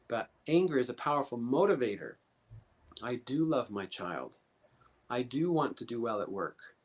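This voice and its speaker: A man speaks in an earnest, coaching manner, working through his points with rhetorical questions. His pitch sits at an ordinary middle level for a man. The delivery is instructive, like a guest teaching a lesson. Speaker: guest speaker teaching emotional coping steps. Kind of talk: instructive talk.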